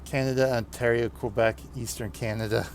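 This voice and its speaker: Northeast us guy rambling to his stream while driving, laughs a lot, middle-pitched voice. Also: steady tone, a little fast, a little hiss or hum. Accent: Northeastern American. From United States. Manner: rambling, chatty, laughs often. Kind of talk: gameplay commentary chatting with viewers.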